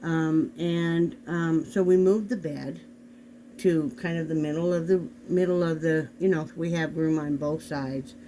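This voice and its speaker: Chatty man with a higher voice. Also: fairly even intonation, unhurried, warm tone, a little hiss or hum, rough recording. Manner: chatty, rambling, addresses viewers directly. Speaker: vlog host. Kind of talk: casual chat. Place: home bedroom, sitting on the bed. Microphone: camera on a desk.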